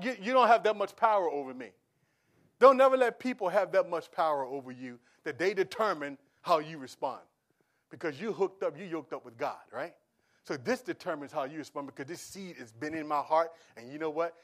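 Animated preaching man, high-pitched. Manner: animated preaching, shifts from soft asides to loud exclamations; casual conversational with laughs. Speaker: pastor. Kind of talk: sermon.

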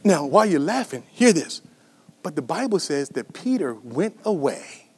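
A pastor with a high-pitched male voice preaches to his congregation. He swings from fervent, shouted lines to near-whispers, often asking the crowd to stay with him. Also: big pitch swings, moderate pace, breathy edge. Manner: passionate preaching with sudden shouts and hushed whispers; calls out to the congregation. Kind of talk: sermon.

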